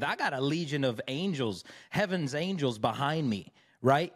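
A man's voice: mid-range voice, expressive, moderate pace, few pauses, husky. Man, podcast guest, divorce recovery coach, conversational storytelling, emphatic, faith-driven.

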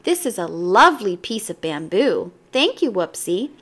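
A woman voicing a large, gentle father gorilla in a storybook, soft and reassuring. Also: mid-range voice, very animated, moderate pace, breathy edge, heavily acted. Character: big calm father gorilla.

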